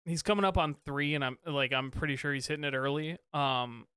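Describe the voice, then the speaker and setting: A man's voice: on the high side, fairly quick, a bit bright, clear, resonant tone, dry recording. A man in his thirties, a father and podcast co-host, chatting casually with lots of fillers and restarts. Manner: rambling, many fillers and restarts. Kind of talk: casual chat.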